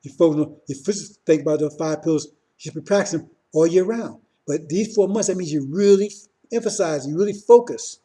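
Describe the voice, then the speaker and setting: A man's voice: fairly high pitch, brisk, warm tone. A man giving an informal religious teaching, talking in short repeated phrases and often asking his listeners "see?". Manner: repetitive, keeps asking "see?", restarts often. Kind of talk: informal sermon.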